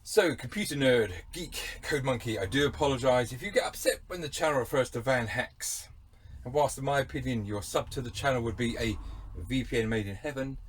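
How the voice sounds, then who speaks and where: An Englishman with an English accent rambles through a casual monologue, wry and full of digressions. His pitch sits in an ordinary middle range, and he plays at being mock-pompous while he keeps wandering off the point. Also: a little fast, a little hiss or hum. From England. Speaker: van channel host.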